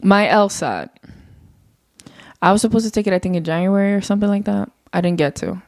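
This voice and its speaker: A woman's voice: a little fast, no echo, studio quality. Candid, rambling young woman podcaster. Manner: candid, rambling, swears casually, lively pitch jumps. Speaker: podcast host. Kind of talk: casual solo podcast monologue.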